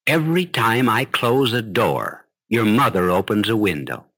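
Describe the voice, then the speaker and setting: Elderly Saint Peter, put on by a preacher, wry and defensive, with a low, bright voice that swings widely and moves slowly. He delivers his excuse like a dry punchline. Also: animated, slightly rough, full character voice.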